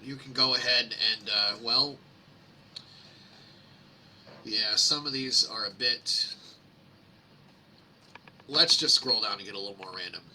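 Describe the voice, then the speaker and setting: With a mid-range voice that sounds pushed and bright, this man speaks unhurriedly and pauses often; a little hiss or hum is audible. He's hosting a casual screen-share, reading complaints aloud, mocking them with sarcastic asides and rambling with many fillers.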